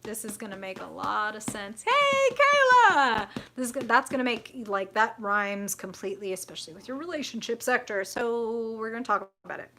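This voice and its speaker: A woman's voice: mid-range voice, fairly quick, hardly any pauses, a bit bright, a little hiss or hum. A young adult woman hosting a live tarot reading, chatty and frank, swearing freely and answering viewer comments.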